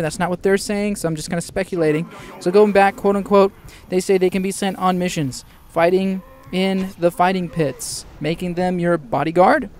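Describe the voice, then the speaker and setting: A man with a high, bright-pitched voice hosts casual game news, excitable and fond of playful asides. He speaks in a loose, chatty commentary manner. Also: slight background noise. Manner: excitable and jokey, with quick asides. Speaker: gaming news host.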